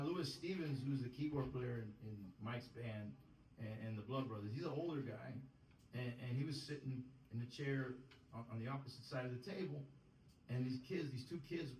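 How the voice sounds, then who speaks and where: A man's voice: mid-range voice, a little mellow, slight background noise. A man leading a band, telling a rambling story between songs with many restarts. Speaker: bandleader. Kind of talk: stage banter between songs. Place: live music pub. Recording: echoey live room, distant mic.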